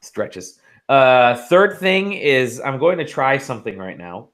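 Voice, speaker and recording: A man's voice: mid-range voice, big pitch swings, measured pace, fairly bright tone. Rambling man telling podcast stories. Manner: rambling storyteller, swears and laughs often. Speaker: podcast co-host. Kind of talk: casual podcast chat.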